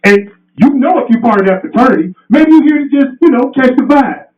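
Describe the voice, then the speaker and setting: A passionate, fiery man gives a motivational speech in a very high voice. He sounds far from the mic in a roomy space, and the sound is dull and muffled. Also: expressive, fairly quick. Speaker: motivational speaker. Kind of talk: motivational speech to a live audience. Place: event room indoors.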